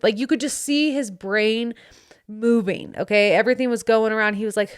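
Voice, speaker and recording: A woman hosting a podcast, telling a story in casual chat and acting out her friends' lines in quick put-on voices, recorded close on a studio mic. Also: medium pitch. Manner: animated, acts out friends' voices in quotes. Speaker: podcast host. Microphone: studio microphone.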